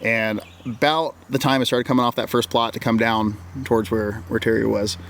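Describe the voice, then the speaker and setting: A man's voice: medium pitch, level tone, moderate pace, creaky, fairly bright tone, a little hiss or hum. A man from Oregon, a wilderness guide, casually telling a long story in an interview, often repeating himself and quoting his own words. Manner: rambling, repeats words, quotes himself with "I'm like". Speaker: interview guest recounting an encounter.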